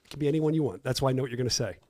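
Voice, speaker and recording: Fast-talking male podcast host. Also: medium pitch, mellow. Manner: quick, eager questioner. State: coughing from a lingering illness. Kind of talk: casual podcast chat.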